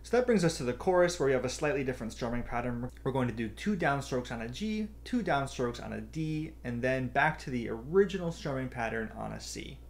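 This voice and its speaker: A man with a gravelly, medium-pitched voice and lively intonation speaks fairly quickly with few pauses, teaching beginners ukulele. He explains each step and counts beats aloud while ukulele plays throughout.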